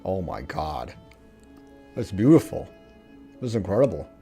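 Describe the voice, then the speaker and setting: A male streamer commentates a game he is playing, swearing freely and reading text aloud. His voice is low and mellow. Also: big pitch swings, a little slow, gravelly, faint music behind. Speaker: gaming streamer. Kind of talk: let's play commentary.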